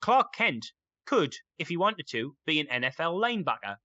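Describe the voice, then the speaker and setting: A man's voice: fairly high pitch, sing-song, normal speed, sharp tone, no echo, muffled recording. A young man chatting casually and enthusiastically, rambling with lots of fillers. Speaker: podcast guest. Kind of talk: casual chat.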